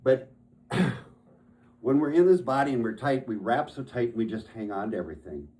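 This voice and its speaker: A man's voice: mid-range voice, animated, moderate pace, darkish tone. A man who works as a therapist, telling stories from his practice in an earnest conversational way and often restarting his phrases.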